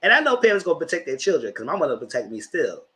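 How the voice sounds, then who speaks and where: A man's voice: a little high, rapid-fire, poor audio. Chatty man in his thirties. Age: 30s. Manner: chatty, slangy, expressive. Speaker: commentary channel host. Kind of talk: casual live commentary.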